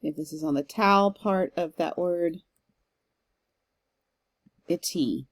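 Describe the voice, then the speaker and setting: A woman's voice: lowish voice, fairly even intonation, normal speed. A woman teacher giving a recorded lecture, explaining step by step with some fillers and reading verse aloud with strong stress. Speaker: literature teacher.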